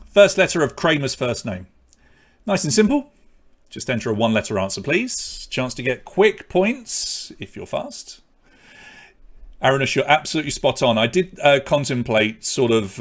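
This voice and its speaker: A man with a British accent hosting an online quiz, reading questions twice and calling out scores in a chatty way. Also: on the low side. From Britain. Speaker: quiz host.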